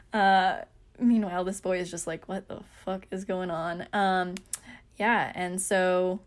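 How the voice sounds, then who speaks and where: A young woman hosting a podcast, telling a story in a chatty, self-mocking way with lots of fillers. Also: mid-range voice. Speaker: podcast host. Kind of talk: casual storytelling.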